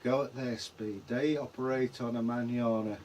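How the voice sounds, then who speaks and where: A man's voice: medium pitch, fairly even intonation, normal speed, a little mellow, a little hiss or hum. An English man co-hosting a vlog in casual chat, rambling and trailing off mid-sentence. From England. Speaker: vlog co-host.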